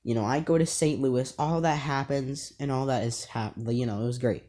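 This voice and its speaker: A man's voice: medium pitch, moderate pace, dark tone. Rambling male YouTuber telling school stories. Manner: rambling, filler-heavy, amused. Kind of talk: casual storytelling to camera.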